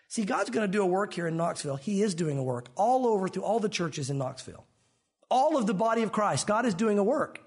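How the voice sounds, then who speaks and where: A man's voice: sits high, husky. A male pastor preaching a sermon to his congregation, emphatic and acting out the voices he quotes.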